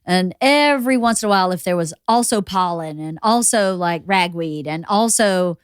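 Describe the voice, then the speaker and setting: A woman's voice: lowish voice, animated, moderate pace, clean tone, no echo, clean studio sound. A woman hosting a podcast in casual chat, chatty and effusive, acting out little bits of quoted dialogue. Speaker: podcast host.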